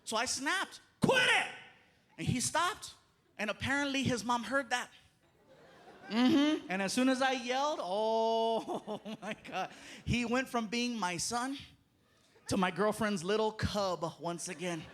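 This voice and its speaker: A male stand-up comedian telling stories on stage in an animated way, acting out voices, recorded live with crowd noise. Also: very high voice, a little slow. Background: audience laughter.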